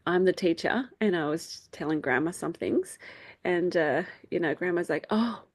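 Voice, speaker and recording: A woman's voice: animated, normal speed, dry recording. Chatty woman hosting a faith call. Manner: chatty, many fillers, acts out quotes in a high voice. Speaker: host of a faith group call. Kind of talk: casual talk to a group.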